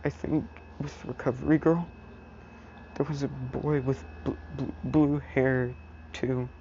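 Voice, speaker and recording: A stern, protective teacher who doubles as a father, put on by a man narrating a fan story. He talks firmly and drops to a soothing hush, slow and mellow. The recording is dull and lo-fi. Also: medium pitch, flat delivery, vocal fry, slight background noise. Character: stern adult male teacher comforting his adopted son.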